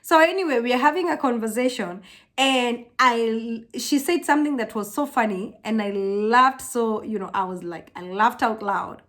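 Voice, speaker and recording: Animated African woman chatting to camera. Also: normal speed. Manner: animated storytelling, acts out quotes in high voices. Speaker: vlogger. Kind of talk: casual chat to camera.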